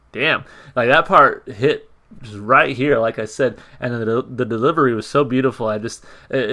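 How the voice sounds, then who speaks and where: A man hosting a music reaction video, chatting casually and picking apart song lyrics, with many fillers and repeated words. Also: medium pitch. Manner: conversational, frequent fillers and repeats, reads lyrics in a flat tone. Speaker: music reaction channel host. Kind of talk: casual commentary, reading lyrics aloud.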